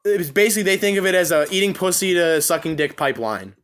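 A young adult man hosting a podcast in casual chat, talking in an excitable, profane, animated storytelling way. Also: high-pitched, fast, slight background noise. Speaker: podcast host.

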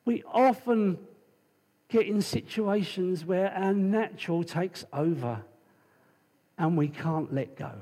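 A man preaches in a relaxed, conversational way, mixing stories with scripture readings. His voice is fairly high and slightly husky, and his slow delivery trails a long reverb through the hall. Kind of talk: sermon.

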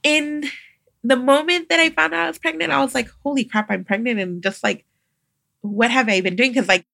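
Animated woman telling a story, gravelly edge. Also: sits high, fairly quick, no echo, studio quality. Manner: animated, acts out quoted voices, laughs often. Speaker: podcast guest, midwife. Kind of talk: casual storytelling.

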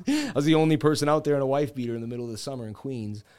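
Speaking fast at a medium pitch, this man has a smooth, slightly mellow voice. He's in his thirties, from the Boston area, and hosts a casual crypto livestream where he rambles through stories full of "like" and "you know, man."

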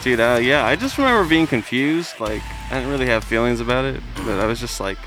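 Animated young man, lively swings. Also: medium pitch, fast. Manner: animated storytelling, lots of fillers. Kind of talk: casual chat reacting to music. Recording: music playing behind.

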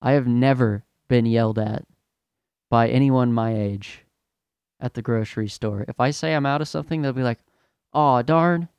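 A man's voice: mid-range voice, normal speed, a little mellow, clean tone, no room sound. Profane, exasperated young man ranting. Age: young adult. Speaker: podcast host. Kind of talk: ranting storytelling monologue.

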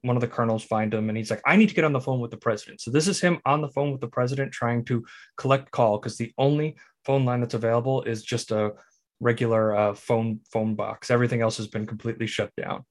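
A man's voice: mid-range voice, fairly even intonation, a little fast. A man co-hosting a podcast who casually talks through a film and sets up its clips. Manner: explains plot and sets up clips. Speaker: podcast co-host.

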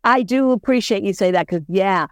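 A woman podcast host telling a story in relaxed, casual chat. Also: medium pitch, normal speed, no room sound, studio quality.

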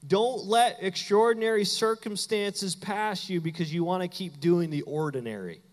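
A man preaching a sermon as pastor to his church, talking in a conversational, playful way and acting out quick asides. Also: sits high. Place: church sanctuary. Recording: hall reverb.

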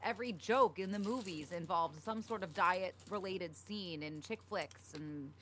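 There's slight background noise as a young woman with a lowish, fairly bright voice co-hosts a podcast, speaking a little slowly. She's chatty and uses many fillers, "like" and "um" among them.

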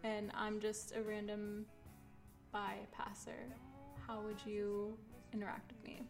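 A woman's voice: medium pitch, completely flat delivery, gravelly, faint music behind. A young woman co-hosting a casual podcast, asking questions and laughing readily. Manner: quick to laugh, asks questions, playful. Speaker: podcast co-host. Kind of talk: casual chat.

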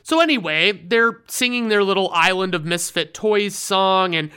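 A sarcastic, profane host recaps an old special in casual commentary. The voice is bright and crisp, with a smooth, clean tone. The asides land deadpan and dry. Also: mid-range voice, normal speed.

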